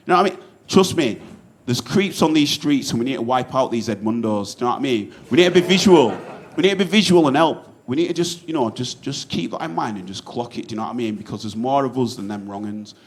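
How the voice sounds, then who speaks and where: A man's voice: medium pitch, expressive, quick pace. A young man with a Yorkshire accent doing a stand-up comedy set on stage, swearing freely and rambling through anecdotes full of asides. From Yorkshire, England.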